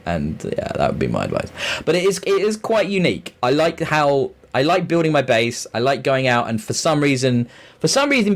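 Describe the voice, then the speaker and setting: A man co-hosting a podcast, talking through a game in a loose, rambling way with frequent chuckles. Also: medium pitch. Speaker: podcast co-host. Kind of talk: casual chat.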